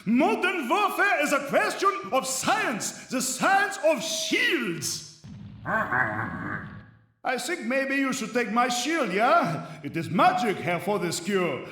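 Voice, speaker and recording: Sturmgard, a booming German knight. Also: male voice, huge pitch swings, slow pace, bright, forceful tone, full character voice. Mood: boastful. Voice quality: booming, theatrical. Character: boastful German male knight, shield-obsessed. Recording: roomy echo, distant from mic.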